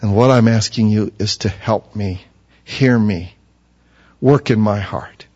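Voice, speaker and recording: A man's voice: lowish voice, slow pace, darkish tone. Man preaching a fervent sermon, muffled sound. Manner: reads scripture aloud, rising to fervent emphasis. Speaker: pastor. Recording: dull lo-fi recording.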